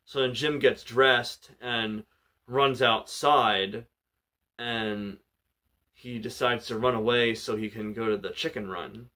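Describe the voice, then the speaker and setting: A man's voice: medium pitch, steady tone, slow pace, bright, forceful tone. A man casually retelling a film's plot, full of "like" and "you know" fillers. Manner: loose and chatty, many "like" and "you know" fillers. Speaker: movie reviewer.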